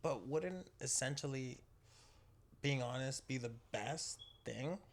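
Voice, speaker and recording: A man's voice: medium pitch, takes it slowly. A man with an everyday mid-range voice hosts a casual podcast conversation. He jokes easily, nudges the others along, and talks plainly into a table mic. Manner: joking, steers the talk. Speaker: podcast host. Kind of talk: casual chat.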